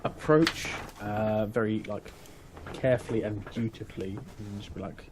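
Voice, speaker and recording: A man's voice: on the low side, steady tone, moderate pace, background noise. A man taking part in a tabletop game, hesitant and full of fillers. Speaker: player. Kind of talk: casual tabletop play.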